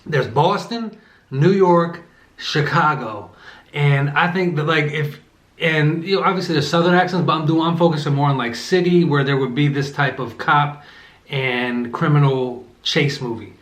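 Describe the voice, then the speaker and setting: A man with a fairly high voice talks casually while he eats. He rambles along with lots of ums and restarts. The room around him is echoey. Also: normal speed, a bit bright. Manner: rambling, with many fillers and self-corrections; eating between remarks. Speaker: vlogger reviewing a movie while eating. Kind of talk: casual chat.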